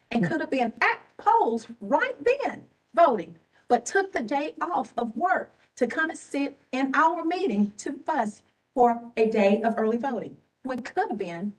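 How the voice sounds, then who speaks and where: A woman's voice: fairly high pitch, recorded from a distance, poor audio. A tired woman, an elections official giving impassioned, repetitive, scolding remarks at a public board meeting. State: tired and emotional. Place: government meeting room.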